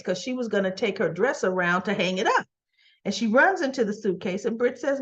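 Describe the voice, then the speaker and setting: Woman rambling through a soap recap, doing everybody's lines, mid pitch, kinda muffled lo-fi sound. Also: lively intonation. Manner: acts out characters' lines in quick quoted bits, chatty, laughs often. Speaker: soap opera recap vlogger. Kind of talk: casual episode recap, retelling scenes.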